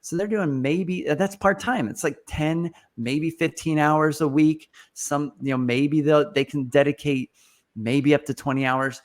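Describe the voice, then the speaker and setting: A man hosting a podcast and coaching business owners in a casual, energetic manner, often repeating points for emphasis. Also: a little high, a little slow. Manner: energetic, restarts and fillers, emphatic repetition. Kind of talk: casual conversational advice.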